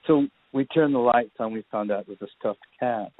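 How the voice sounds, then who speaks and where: A man's voice: medium pitch, a little fast, no echo. A man, a filmmaker guest, telling rambling anecdotes in a casual interview. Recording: tinny phone line.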